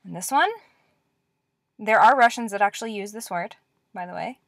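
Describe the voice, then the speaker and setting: A woman teaching a lecture-style language lesson, repeating words slowly and clearly with patient encouragement. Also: medium pitch, a bit bright, no room sound, studio quality.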